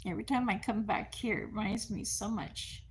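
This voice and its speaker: A woman's voice: mid-range voice, fairly even intonation, moderate pace, slight background noise. Older woman telling family stories. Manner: laughs often, acts out family members' voices; firm commands to a dog. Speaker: livestream host. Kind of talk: casual storytelling on a livestream.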